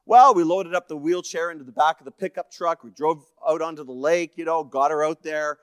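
A man with a slightly high-pitched voice tells a personal story to a congregation. He moves between quiet, heavy passages and brighter, animated bits where he plays out other people's lines. The sound is dry and close. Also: fast, few pauses, no room sound. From Canada. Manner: personal storytelling with acted-out quotes, swinging between hushed and lively. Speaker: guest speaker. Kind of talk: storytelling sermon.

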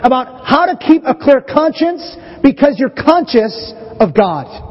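A middle-aged pastor preaching a conversational, animated sermon to his church. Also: very high-pitched, measured pace. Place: church sanctuary. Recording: dull, hazy recording with long church reverb.

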